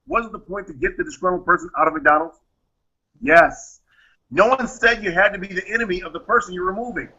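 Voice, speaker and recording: A high-pitched, bright, slightly rough voice with a forceful tone and a brisk pace belongs to a man who founded a private security firm. He answers interview questions emphatically, dramatizing the exchanges he describes, in a dull lo-fi recording.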